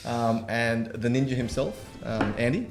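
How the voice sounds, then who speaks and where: A man's voice: mid-range voice, a little slow, roomy sound, music in the background. A man hosting a casual podcast, easygoing and loose, with many ums and laughing along with his guests. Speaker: podcast host.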